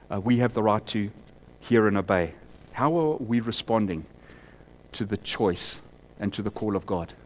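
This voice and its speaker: A man preaching a sermon in a church, climbing to loud emphatic peaks and then dropping to quiet, close appeals. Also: lowish voice, a little hiss or hum.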